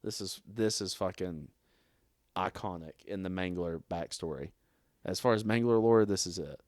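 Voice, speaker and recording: A man's voice: sits low, moderate pace, dry recording, studio quality. A man, co-hosting a podcast in casual chat, telling stories with swearing and laughter. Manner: animated storyteller, swears often, laughs at himself. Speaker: podcast co-host.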